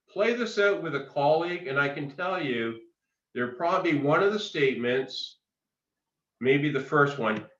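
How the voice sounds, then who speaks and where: Slow, emphatic male workshop presenter. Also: mid-range voice, fairly bright tone. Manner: slow, emphatic teaching with pauses. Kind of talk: webinar lecture. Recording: echoey, distant, dull lo-fi audio.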